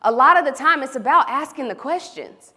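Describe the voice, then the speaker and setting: A woman from Oklahoma, giving an animated, storytelling keynote speech and talking straight to the audience. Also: high voice, brisk. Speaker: keynote speaker. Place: large hall. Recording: reverberant event hall.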